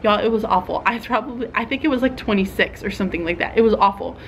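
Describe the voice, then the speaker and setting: A young woman teacher, chatting casually to other teachers in a vlog and thinking out loud with fillers and small laughs. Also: medium pitch, fast, vocal fry, a little hiss or hum.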